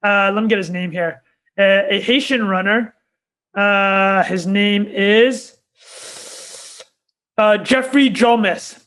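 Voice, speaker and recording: High-voiced man, laughing storyteller. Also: slow, long pauses, smooth. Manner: laughs often, animated storyteller. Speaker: podcast co-host. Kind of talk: casual chat.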